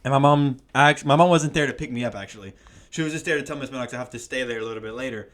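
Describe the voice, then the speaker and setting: A young man co-hosting a podcast, telling a school story in a casual, animated way, laughing and swearing often. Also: mid-range voice, rapid-fire. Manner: animated, laughing, swears a lot, says "bro". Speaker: podcast co-host.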